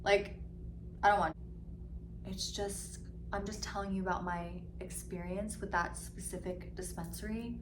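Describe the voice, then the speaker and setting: A woman in her twenties ranting casually in a storytime vlog, full of "like" and swearing, mimicking other people in quick asides. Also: mid-range voice, steady tone, background noise. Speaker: vlogger. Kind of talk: mukbang storytime rant. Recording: slightly echoey room with faint ambience.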